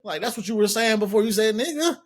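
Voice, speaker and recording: A man's voice: sits high, animated, quick pace. A man in casual group discussion, talking emphatically and swearing freely. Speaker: podcast co-host.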